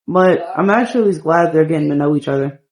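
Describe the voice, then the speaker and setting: A woman's voice: deep voice, brisk, a little mellow. A woman casually narrating a game story in a chatty, rambling way.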